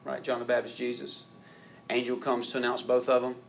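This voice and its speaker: A man preaching a sermon in an animated way, acting out quoted voices and rising to loud emphatic peaks. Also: mid-range voice, a little fast, creaky, a little hiss or hum. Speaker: pastor.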